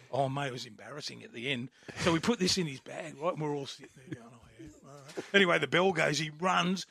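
A man's voice: a little high, vocal fry, sharp tone. An older Australian man on a sports radio show, telling funny stories and laughing as he goes. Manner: laughing yarn-spinner. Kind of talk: casual radio banter, storytelling.

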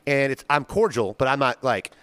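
A young adult man co-hosting a podcast, telling a workplace story in profane, animated casual chat. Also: medium pitch, normal speed, clean tone, no echo. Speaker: podcast co-host.

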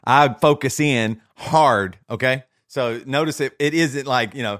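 A man's voice: mid-range voice, a little slow, no echo, studio quality. A man talking as a podcast guest about his young kids in a loose, casual way, laughing often and restarting his sentences. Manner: animated, laughs often, repeats words while restarting. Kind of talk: casual conversational chat.

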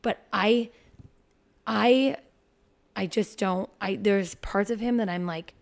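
A woman's voice: mid-range voice, slow, vocal fry. A woman in her thirties co-hosting a casual podcast, telling exasperated stories about her kids and swearing freely. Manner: exasperated, animated storytelling with swearing. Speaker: podcast co-host. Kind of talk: casual chat.

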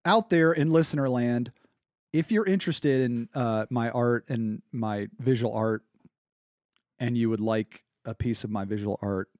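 A man's voice: medium pitch, measured pace, a little mellow, no echo, studio quality. A man talking as a guest on a podcast, earnest and rambling with many restarts. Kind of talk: casual podcast chat.

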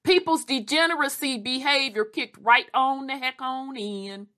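A woman reading history aloud and adding animated, casual commentary. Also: sits high. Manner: animated, quick asides, Southern Black vernacular.

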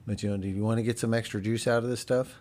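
A man's voice: on the low side, steady tone, very fast, darkish tone. A man hosting a podcast, talking about recovery in a casual, earnest, rambling way. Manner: rambling and earnest, with frequent fillers. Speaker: podcast host. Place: studio.

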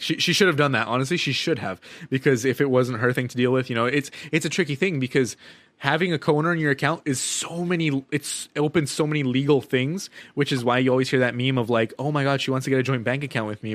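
A man's voice: mid-range voice, quick pace, a bit bright, no room sound. A young man, a bank call-center worker, telling profane, laughing stories about callers in casual chat with friends.

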